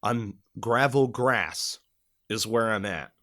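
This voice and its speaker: Bright-voiced man telling a profane story. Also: lowish voice, slow. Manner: profane, animated, acts out shouted quotes. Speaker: podcast co-host telling a military story. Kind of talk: casual storytelling chat.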